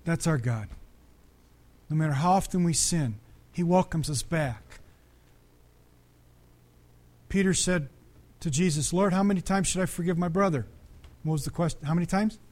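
A man's voice: on the high side, moderate pace, darkish tone. A man preaching a conversational sermon as pastor, often asking the congregation questions.

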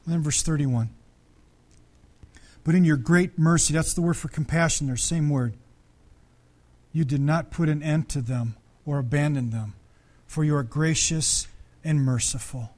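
High-pitched male pastor, conversational sermon delivery, engages congregation with questions. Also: a little slow, a little mellow.

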